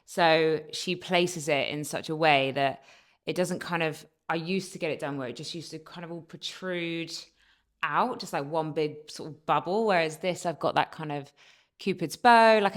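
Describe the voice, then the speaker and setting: A young woman's low voice, at normal speed, carries her casual beauty vlog to camera. Upbeat, she confides in her viewers over faint background music.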